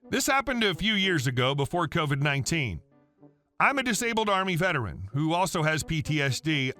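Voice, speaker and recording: Man, scripted story narration, high voice, lively pitch, faint music underneath.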